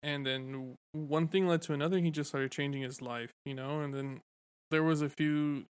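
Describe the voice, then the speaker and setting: A man with a somewhat high voice co-hosts a casual podcast with friends. He rambles through his stories, swears freely and laughs easily. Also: fairly even intonation, normal speed, clear, resonant tone. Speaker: podcast co-host.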